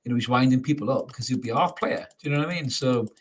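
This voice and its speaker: A man in the middle of his natural pitch range, chatting casually with a co-host about his football club. He reads viewer comments aloud and banters. His tone is light and playful, with frequent laughs. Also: very fast, husky. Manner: jokey, laughs often, calls his co-host mate. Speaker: co-host of a football fan show. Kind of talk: casual chat reading live comments.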